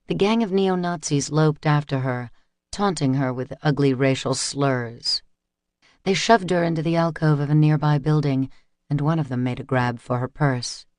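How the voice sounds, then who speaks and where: A man reading an audiobook in steady, measured scripted narration, recorded close on a studio mic. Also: a little high, no room sound.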